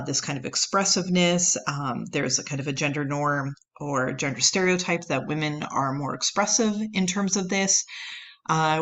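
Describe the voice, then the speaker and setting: A woman's voice: low voice, fairly bright tone. A woman lecturing on anthropology, explaining at length with many fillers and "right?" checks. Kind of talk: recorded lecture.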